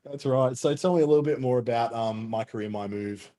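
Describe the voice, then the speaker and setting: A man's voice: medium pitch, brisk, dark tone. A man hosting a webinar, chatty and joking as he coaches guests over a video call. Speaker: webinar host. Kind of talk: casual coaching chat.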